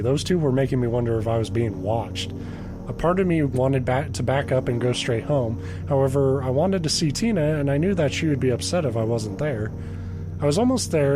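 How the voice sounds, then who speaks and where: A man co-hosting a podcast, reading a creepy story aloud and joking about it with a friend, laughing often. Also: medium pitch. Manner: jokey, laughs often, mock voices when quoting. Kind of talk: casual chat and reading aloud.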